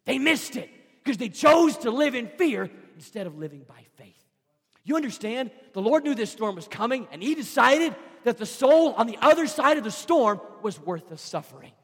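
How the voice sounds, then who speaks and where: A man preaching a sermon as pastor, swinging from loud passionate shouting to hushed, pleading tones. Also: extremely high pitch, sing-song, normal speed, husky, in a large hall.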